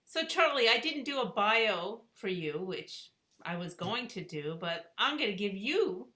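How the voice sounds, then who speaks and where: A woman hosts a streamed interview, upbeat and urging her guests on. Her voice is bright and crisp, and the recording carries a roomy echo. Her pitch sits in the middle range. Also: sing-song, measured pace. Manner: upbeat and encouraging. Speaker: host. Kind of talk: hosting a live-streamed interview. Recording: roomy, echoey sound.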